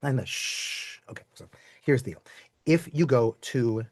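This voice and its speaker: A man's voice: medium pitch, normal speed, a little mellow, no room sound, studio quality. A man teaching a live online class to children, playful and chatty, quizzing students and asking them to type their answers in the chat.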